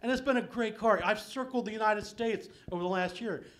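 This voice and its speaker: A middle-aged man working a small club stage with a slightly high voice. He rambles through his stories in a loose, self-deprecating way, tossing in "man" and "um" constantly. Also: a little fast, a bit bright. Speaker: stand-up comedian. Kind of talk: live stand-up set. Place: small comedy venue with live audience.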